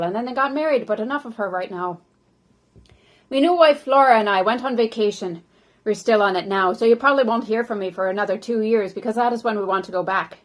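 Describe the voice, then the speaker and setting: A woman acting as a dead older man who narrates his life story in a first-person historical monologue, often dropping soft and slow. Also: medium pitch, close to an everyday voice. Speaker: volunteer actor.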